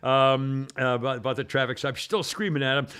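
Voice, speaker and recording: A man's voice: mid-range voice, lively intonation, rapid-fire, fairly bright tone, clean tone. A man hosting a casual news talk show, rambling with many fillers and restarts. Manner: acts out quoted people in a raised voice. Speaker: podcast host.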